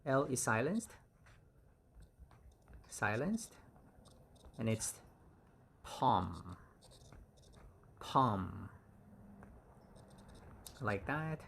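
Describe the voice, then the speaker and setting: A man teaching English vocabulary, saying each word slowly and repeating it several times. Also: medium pitch, very animated, a bit bright. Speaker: English instructor. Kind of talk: vocabulary lesson.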